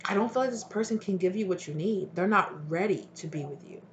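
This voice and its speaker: A tarot reader giving a casual intuitive reading, chatty and acting out both partners' voices in quick back-and-forth. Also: medium pitch, slight background noise.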